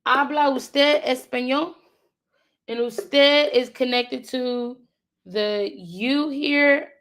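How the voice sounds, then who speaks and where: A woman works through a beginner lesson by thinking out loud. Her voice is gravelly and fairly high, and she talks slowly, musing and repeating words to herself. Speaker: learner. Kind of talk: thinking aloud while studying.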